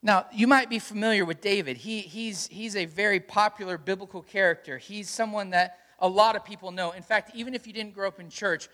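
A man's voice: high voice, fairly quick, few pauses. A man preaching a sermon as a pastor, telling stories and asking the congregation questions. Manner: storytelling, animated, asks the congregation questions. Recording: long hall reverb.

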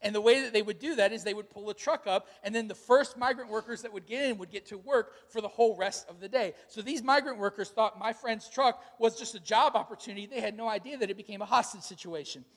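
A man in his thirties preaching a sermon, telling stories and acting out quotes with sudden shouts. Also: sits high, quick pace, few pauses. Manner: storytelling, animated retellings with shouted quotes. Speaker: pastor. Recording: long hall reverb.

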